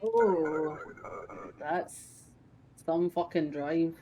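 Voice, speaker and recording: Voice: medium pitch, normal speed, darkish tone, muffled recording, soft background music. A streamer, chatting casually while playing, swearing freely and laughing often. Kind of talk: casual gaming chat.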